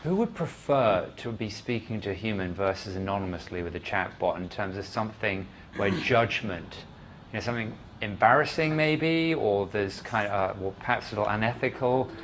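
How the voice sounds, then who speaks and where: A man's voice: fairly low pitch, expressive, moderate pace, fairly bright tone, slight background noise. A man moderating a panel discussion, asking probing follow-up questions. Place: meetup event room.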